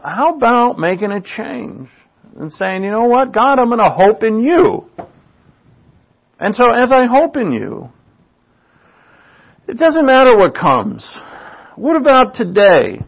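A preacher with a high, creaky voice gives an informal, chatty sermon, often checking in with listeners by asking "right?" and laughing at his own asides. The recording is dull and lo-fi.

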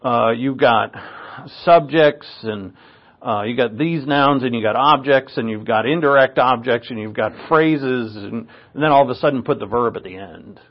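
A man's voice: mid-range voice, moderate pace. A man teaching a Bible passage from the Greek, explaining and emphatic, often restarting his phrases. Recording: dull lo-fi recording.

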